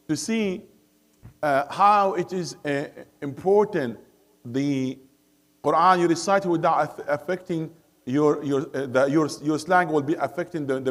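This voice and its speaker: A man teaching Quran recitation to a study circle. He switches between English and Arabic, keeps asking the class questions and recites verses melodically. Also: fairly high pitch. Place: mosque classroom.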